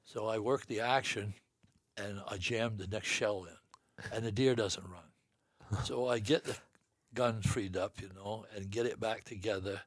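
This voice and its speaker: An older man from Vermont telling hunting stories in a folksy, unhurried way. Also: fairly low pitch, fairly even intonation, no echo, studio quality. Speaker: hunting guest. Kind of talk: storytelling interview.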